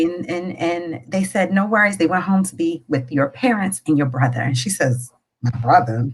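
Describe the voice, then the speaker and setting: A woman co-hosting an educational podcast, chatting casually and telling a long joke with animated storytelling. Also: fairly low pitch, moderate pace, husky, rough recording. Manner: animated storyteller, voices quoted characters. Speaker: co-host.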